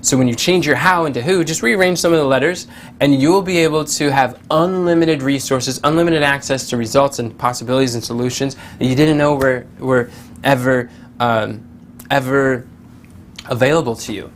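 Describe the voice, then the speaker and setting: A man giving a casual motivational talk, telling stories with lively quoted voices and many fillers and restarts. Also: mid-range voice, normal speed, slight background noise. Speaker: motivational speaker.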